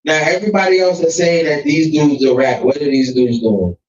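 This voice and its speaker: A man chatting bluntly on a podcast in street slang, with a slightly high voice. He sits far from the mic in an echoey room, and the sound is muffled and lo-fi. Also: brisk. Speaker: podcast co-host. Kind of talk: casual chat. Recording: echoey, distant, dull lo-fi sound.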